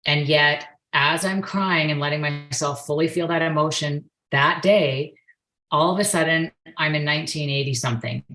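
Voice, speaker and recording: A woman in her forties, a perception facilitator and yoga instructor, is a guest on a podcast interview. She earnestly shares a personal story, occasionally acting out her own past outbursts. Her voice is low and fairly bright at a normal speed, and the recording is rough.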